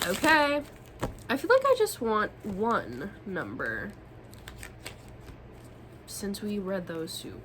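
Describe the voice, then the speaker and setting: A woman's voice: medium pitch, big pitch swings, moderate pace, pushed and bright, slight background noise, poor audio. Profane, slangy young tarot-reading woman. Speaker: tarot reader. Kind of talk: casual tarot reading to camera.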